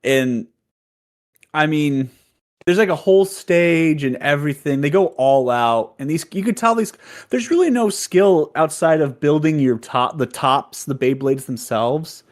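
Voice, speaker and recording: A man chatting as a guest on a casual podcast. He rambles from thought to thought with constant fillers and quick giggles. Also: on the high side, expressive.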